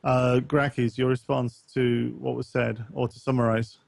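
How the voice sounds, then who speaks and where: A man co-hosting a casual podcast, wandering through his thoughts with plenty of ums and dropping wry remarks. His voice sits at an average pitch. It is recorded close and dry, with no room sound. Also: little pitch movement, unhurried, gravelly, dry recording. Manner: rambling, many ums, reads a post aloud with wry asides. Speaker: podcast co-host.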